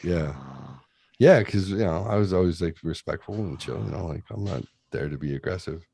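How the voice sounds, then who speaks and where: Deep-voiced man telling a rambling story. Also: fairly quick, gravelly, husky. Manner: profane, rambling, animated retelling. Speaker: podcast host. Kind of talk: casual storytelling.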